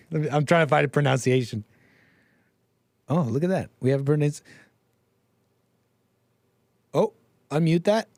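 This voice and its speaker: A man hosts a casual live stream, joking and reacting with animated bursts as he reads out viewer messages. His voice sits a touch high for a man, and the sound is close and dry, with little room echo. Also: fairly quick, creaky. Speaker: livestream host.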